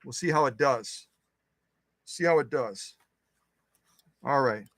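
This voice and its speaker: A man's voice: mid-range voice, slow pace, a bit bright, no room sound. A man hosting a sewing machine channel, demonstrating stitches in his workshop in a chatty, joking way. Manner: chatty, joking, talks to himself while working.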